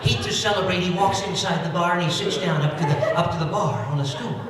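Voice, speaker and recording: A man's voice: sits high, fast, over a noisy crowd. Folksy man telling jokes in an echoey hall. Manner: folksy, chatty joke delivery. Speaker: stand-up comedian. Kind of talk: joke-telling stand-up routine. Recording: echoey hall recorded from far off.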